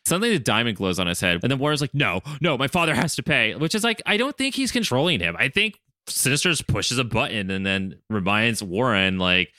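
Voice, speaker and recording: A man's voice: on the low side, sing-song, a little fast, few pauses, pushed and bright, dry recording, studio quality. A man co-hosting a podcast, chatting casually and with lots of swearing as he recaps a cartoon episode and quotes the characters. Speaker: podcast co-host.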